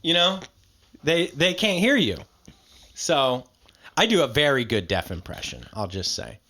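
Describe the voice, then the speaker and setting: Teasing, animated male podcast co-host. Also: medium pitch. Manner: joking, teasing; halting, repeats words. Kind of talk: casual chat.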